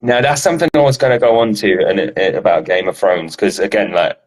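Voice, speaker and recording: A man's voice: on the low side, fairly quick, low-quality recording. A man hosting a podcast, chatting casually and telling stories with casual swearing. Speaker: podcast host. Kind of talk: casual chat.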